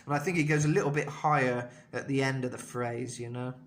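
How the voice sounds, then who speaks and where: A man's voice: medium pitch, steady tone, a little fast. A man teaching a singing lesson, explaining technique in a thoughtful way with many fillers and restarts. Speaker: vocal coach.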